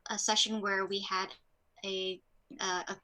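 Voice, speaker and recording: A woman with a bright, sharp voice talks casually at an online workshop, wandering through her points with plenty of fillers. She sounds chatty and easygoing. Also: medium pitch, level tone, unhurried. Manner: rambling, chatty, many fillers. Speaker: voice actress host.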